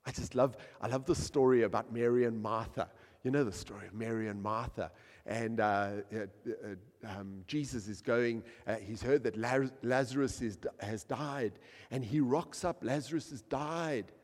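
A man preaching a sermon, swinging from hushed, quiet lines to loud, emphatic peaks. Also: medium pitch, a little slow. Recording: long hall reverb.

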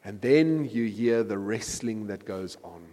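A man preaching a sermon, retelling a scripture story in a conversational way and correcting himself with quick apologetic asides. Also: on the low side, lively intonation, mellow, in a large hall.

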